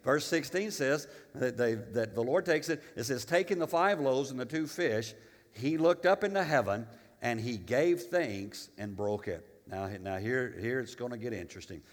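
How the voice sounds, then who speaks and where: A male pastor preaching a sermon, animated and emphatic, with humorous asides and storytelling. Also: mid-range voice, normal speed, big-room sound.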